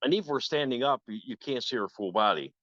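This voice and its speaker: A man's voice: mid-range voice, quick pace, no echo. A man in his sixties, a guest guitarist telling stories in a casual chat and acting out the voices he quotes. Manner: animated, acts out quoted voices. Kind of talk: casual storytelling. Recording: dull lo-fi, dry.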